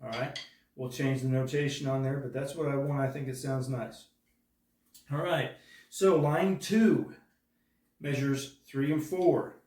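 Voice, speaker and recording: A man's voice: mid-range voice, fairly even intonation, unhurried, pauses often, darkish tone. Patient man counting drum rhythms. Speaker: drum instructor. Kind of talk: step-by-step drum lesson. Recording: echoey room from far off.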